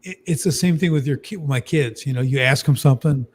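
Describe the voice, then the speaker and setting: A man's voice: medium pitch, fairly quick. A man co-hosting a communication talk show, speaking emphatically and persuasively in a panel discussion and often tagging "right?" onto his points.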